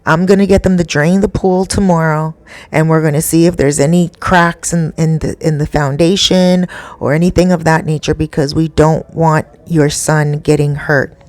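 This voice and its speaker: A relaxed man shrugs off fears with soothing reassurance, voiced by a woman narrator. The voice is low and the room dry. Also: normal speed, dry recording, lightly acted. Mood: reassuring. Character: calm, reassuring man, a new villa owner.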